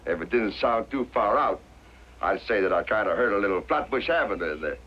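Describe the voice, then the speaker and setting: A man's voice: on the low side, lively intonation, brisk. An actor playing a jovial older retired vaudevillian who cracks folksy jokes and laughs at his own gags. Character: jovial wisecracking old male ex-vaudevillian farmer. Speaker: retired vaudevillian dog act performer. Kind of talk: 1960s TV drama acting. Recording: dull lo-fi 1960s TV soundtrack with faint hiss.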